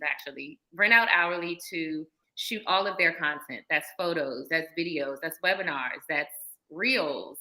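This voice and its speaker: A woman's voice: fairly low pitch, sharp tone, poor audio. A woman who owns a studio, an upbeat and eager guest in a casual interview. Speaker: studio owner, podcast guest.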